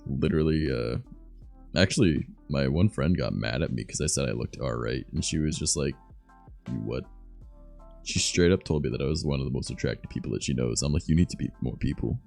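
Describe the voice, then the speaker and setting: Very deep, gravelly-voiced young man streaming. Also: quick pace, soft background music. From Southern Ontario, Canada. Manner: soft-spoken, loose and swearing. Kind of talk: casual stream chat.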